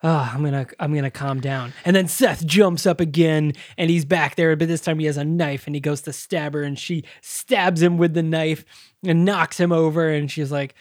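A deep-voiced woman co-hosts a podcast, retelling a movie scene by scene in casual, profanity-filled chat at normal speed. She's animated, swearing, laughing and acting out the scenes, and the studio sound is clean with no echo.

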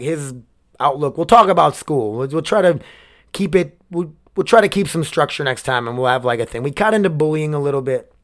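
A man in his twenties hosting a solo podcast, rambling and swearing, emotionally worn down. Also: mid-range voice. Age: 20s. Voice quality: rambling, swearing, restarts sentences. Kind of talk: casual solo podcast rant.

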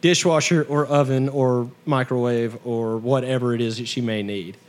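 A man co-hosting a casual comedy podcast, jokey and animated, laughing often as he tells stories. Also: mid-range voice, moderate pace. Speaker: podcast co-host.

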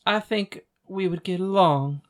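A voice actor playing a gentle young man who speaks in a soft, hesitant way. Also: medium pitch, measured pace, natural voice. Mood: tender. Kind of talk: audiobook dialogue reading.

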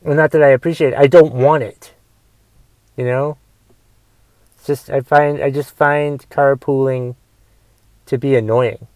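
Grumbling young man with a smooth voice. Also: medium pitch, fairly even intonation, measured pace, pauses often, darkish tone, dry recording. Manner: grumbling, rambling with restarts and swearing. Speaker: podcast host. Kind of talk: casual solo podcast rant.

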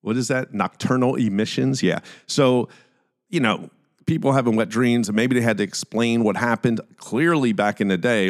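A man with a Philadelphia accent hosts a casual solo podcast, chatty and jokey with self-deprecating asides. His voice is mid-range, and he speaks a little slowly.

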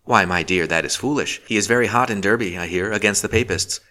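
A man's voice: lowish voice, quick pace, pushed and bright. A man reading the part of a chatty, fussy woman companion.

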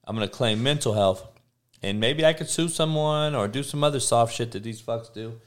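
A man's voice: medium pitch, normal speed. A middle-aged man ranting as a podcast host, blunt, sarcastic and heavy on profanity, often stammering through restarts. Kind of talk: profane rant.

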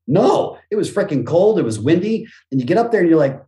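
A man talking as a motivational speaker and business coach on a podcast, energetic, acting out quoted voices and gasps, with some casual swearing. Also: sits high, fast, few pauses, reverberant. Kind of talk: energetic conversational interview talk.

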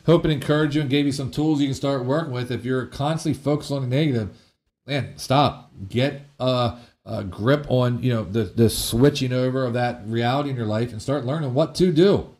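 A man's voice: mid-range voice, normal speed. A man pastor giving an informal sermon, talking in a conversational way with fillers like "like" and "man", and acting out short quotes. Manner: conversational, animated preaching with many fillers and acted-out quotes.

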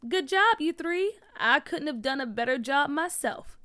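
Woman reader voicing a cautious, level-headed teacher; measured, clear and bright. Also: high voice, expressive, no echo, clean studio sound, exaggerated voice. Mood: proud. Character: calm, sensible woman teacher. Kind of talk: storybook read-aloud.

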